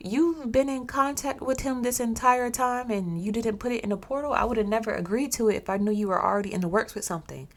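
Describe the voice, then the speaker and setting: A woman's voice: a little high, fast talker, few pauses, voice pushed up. A woman voicing a grieving male salesman who defends himself to coworkers in a told story. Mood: defensive. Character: grieving man turned lucky salesman, defensive.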